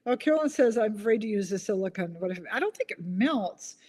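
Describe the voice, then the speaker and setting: Chatty woman with a lively voice. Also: mid-range voice, fast. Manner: chatty, giggles at her own corny jokes. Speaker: host of a live online chat. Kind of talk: casual live-stream chat, reading viewer comments.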